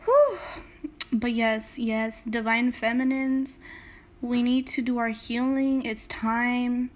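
A young woman from Salinas, California hosts a casual motivational podcast, speaking slowly in a fairly high voice with little pitch movement. She tells emphatic stories straight to her listeners, swearing freely along the way.

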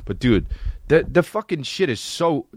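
Male podcast host, comedy monologue, rambling, lots of swearing, animated pitch. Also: measured pace, no echo, clean studio sound. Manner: rambling, profane, full of impressions.

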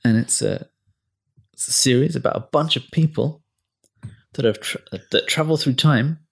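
A man's voice: mid-range voice, normal speed, gravelly, slightly rough. A man hosting a casual podcast chat, giving opinionated takes with sarcastic asides and lots of ums. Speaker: podcast host.

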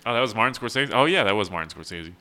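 A man's voice: fairly low pitch, animated, racing, bright, forceful tone. A young man in casual chat, dropping blunt, dry one-liners and telling stories.

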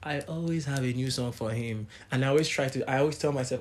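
Male co-host, candid, mid-pitched, casual faith chat. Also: fast, hardly any pauses. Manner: candid, animated when quoting others. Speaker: podcast co-host.

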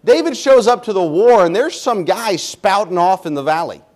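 Guy preaching a sermon, lively up-and-down voice, keeps repeating stuff for emphasis. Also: high voice, normal speed. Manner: emphatic preaching, repetitive build-ups. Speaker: pastor.

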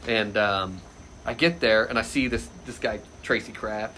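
Animated man telling a story, bright voice. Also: medium pitch, normal speed, slight background noise. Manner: animated, loose, frequent laughter, shouts quoted lines loudly. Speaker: podcast guest. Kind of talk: casual anecdote storytelling.

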